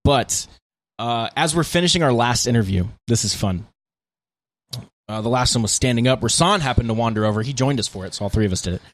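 A man's voice: medium pitch, lively intonation, brisk, dry recording. A man co-hosting a podcast, telling tour stories in a laid-back, casual way with lots of fillers. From United States. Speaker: podcast co-host, band guitarist. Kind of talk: casual chat.

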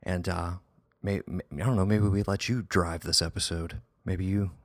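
A man's voice: low-pitched, fairly even intonation, moderate pace, no echo, clean studio sound. A man hosting a casual film review podcast, talking in a rambling, hesitant way with many false starts. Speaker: podcast host.

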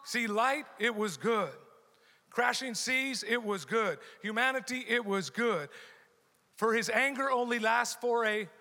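A high, bright-toned middle-aged man preaches to his congregation, hammering home key phrases by repeating them. His voice rings through a large hall with a long reverb tail. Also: unhurried. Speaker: pastor. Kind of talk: sermon.

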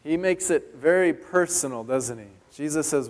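A Californian pastor reads Scripture and preaches quickly, dropping conversational asides as he goes. His voice is slightly higher than most men's, and a long hall reverb suggests a large church sanctuary.

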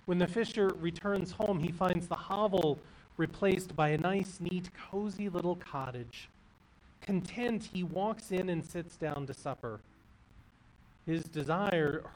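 A man narrating a fairy tale in a measured, expressive way. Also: a little high, recorded from a distance, a little hiss or hum, low-quality recording. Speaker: storyteller.

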